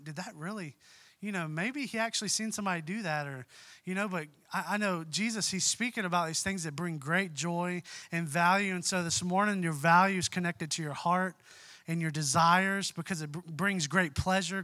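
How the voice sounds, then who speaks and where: A man's voice: high-pitched, sharp tone, no room sound. A young man giving a conversational sermon as pastor in a church, folksy and full of asides. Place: church sanctuary.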